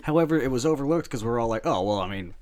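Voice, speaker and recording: A man's voice: medium pitch, animated, very fast, darkish tone. A man co-hosting a podcast in casual chat, rambling and ranting with plenty of swearing. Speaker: podcast co-host.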